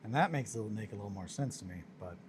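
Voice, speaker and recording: Low-voiced man chatting while painting miniatures. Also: expressive, quick pace, noisy background. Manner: rambling, chatty, self-amused. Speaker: hobby streamer. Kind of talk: casual live-stream chat while working on miniatures.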